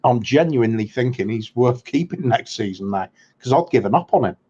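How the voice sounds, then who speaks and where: A man talks football as a podcast co-host in an easy, unhurried way, often pausing on ums and starting over. His voice sits in an ordinary middle register. The audio is a little dull and lo-fi. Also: medium pitch, expressive, dark tone, breathy edge. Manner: hesitant, lots of ums and restarts. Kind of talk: casual football chat.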